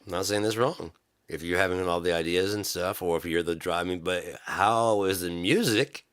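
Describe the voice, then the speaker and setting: A man doing a comedic ranting gear review. He swears a lot and swings from low muttering to loud shouting. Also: a little fast.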